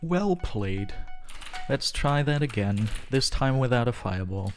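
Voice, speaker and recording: A man's voice: medium pitch, expressive, measured pace, soft background music. A man live-streaming a game from his home, rambling and joking to his chat with frequent chuckles. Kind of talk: live gaming stream chatter. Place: home room, alone.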